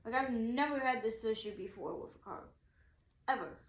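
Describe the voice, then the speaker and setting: A craft shop vlogger tells a story in a casual, animated, rambling way, packed with "like" and acted-out quotes. Her voice is on the high side at a moderate pace, with a roomy sound.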